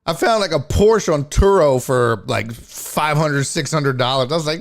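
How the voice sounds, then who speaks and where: A man's voice: fairly high pitch, animated, normal speed, few pauses. A male comedian and podcast host telling a story in casual chat, profane and exclaiming.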